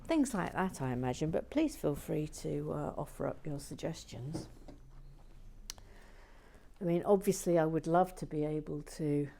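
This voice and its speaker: A woman hosting a relaxing toy-brick build video, talking gently and often dropping into whispers with playful asides. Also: low voice, lively intonation, normal speed, gravelly, a little hiss or hum. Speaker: Lego build channel host. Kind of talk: soft-spoken relaxing build commentary.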